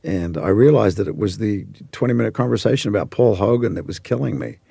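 A man in his forties from Australia who now speaks with an American accent, telling rambling stories as an actor guest in a relaxed interview. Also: lowish voice, quick pace, gravelly, husky, dry recording. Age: 40s. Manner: rambling anecdotal storyteller.

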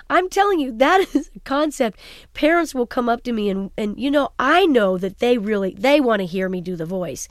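Animated woman telling stories, dry sound. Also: on the high side, brisk, no room sound. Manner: animated storytelling, laughs often. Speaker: voice actress, interview guest. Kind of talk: casual interview talk.

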